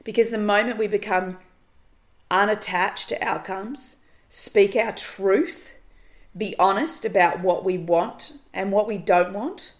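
A woman's voice: medium pitch, slow pace. A woman coach talking on her own podcast, earnest and emphatic, repeating her phrases and swearing casually. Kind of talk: solo motivational podcast monologue.

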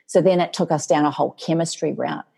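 A middle-aged woman telling her story as an interview guest, lively and animated, acting out quotes. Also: deep voice, fast talker, vocal fry, breathy edge. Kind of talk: storytelling in casual chat.

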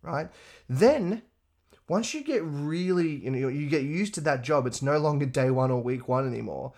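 A man giving a profane, animated motivational talk. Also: normal speed. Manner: profane, animated, acts out others in a higher voice. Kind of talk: casual motivational monologue.

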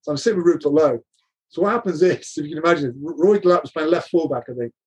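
A man's voice: on the high side, fast, a little mellow, slightly rough, lo-fi sound. A middle-aged man telling stories from his coaching career, laughing often and acting out the dialogue he quotes. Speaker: guest recounting coaching career. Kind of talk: animated anecdotal storytelling.

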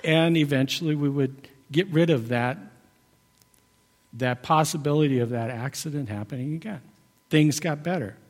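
A man's voice: fairly high pitch, moderate pace, long reverb tail. A middle-aged man giving a folksy, conversational sermon. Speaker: preacher.

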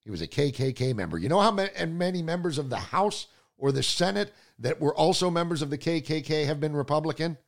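A political talk show host fires off combative, sarcastic commentary, lurching between loud outbursts and low mutters. He talks fast, with lively intonation and a gravelly voice.

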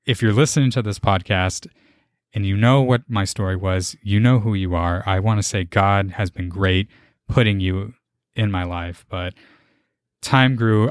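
A young man hosting a podcast, giving an earnest, halting and emotional personal faith testimony. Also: low voice, dry recording, clean studio sound. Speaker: podcast host.

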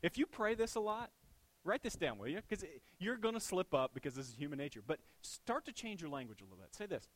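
A man preaching a sermon in a conversational way, asking rhetorical questions and moving between hushed, intimate lines and emphatic ones. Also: on the high side, sing-song, fast. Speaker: pastor.

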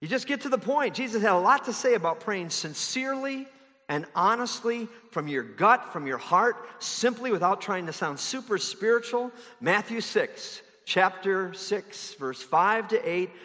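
A man's voice: sits high, expressive, moderate pace, pushed and bright, in a large hall. A man preaching a sermon in a conversational way, now and then mimicking others in exaggerated voices. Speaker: pastor.

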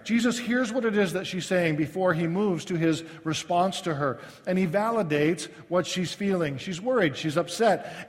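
A male pastor preaches in a high voice, chatty and self-deprecating, often halting and restarting his phrases. His words ring out with a long reverb, as in a large hall. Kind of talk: sermon.

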